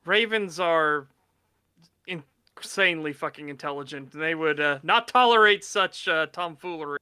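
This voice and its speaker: A man's voice: a little high, a little slow, sharp tone, clean tone, dry recording, studio quality. A man as a podcast guest in a casual chat, blunt and swearing freely.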